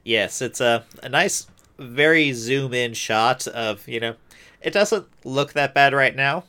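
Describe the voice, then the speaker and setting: Relaxed man in casual chat. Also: mid-range voice, slow pace, clean tone. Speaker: co-host recapping a show.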